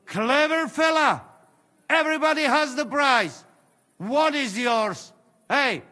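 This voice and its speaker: An actor playing a crude, wheedling mercenary who speaks broken English with a Slovak accent. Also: male voice, very high-pitched, takes it slowly, sharp tone, big-room sound, heavily acted. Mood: bargaining. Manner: broken English, coaxing, haggling.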